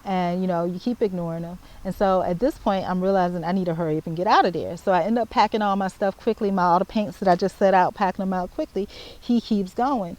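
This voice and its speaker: A woman, telling a story to the camera in casual chat, animated and repeating herself as she spells out details. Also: on the low side, fast, low-quality recording. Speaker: vlogger.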